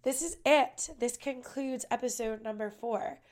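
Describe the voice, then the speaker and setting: The speaker is a young woman hosting a podcast, her fairly high voice unhurried and somewhat dark in tone. Congested from a cold, she chats casually in a bubbly, gushing way, leaning heavily on "like."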